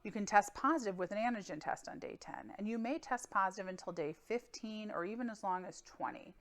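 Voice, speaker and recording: A woman physician giving a weekly medical update in a calm, clinical, explanatory way, with occasional fillers. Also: medium pitch, fairly quick.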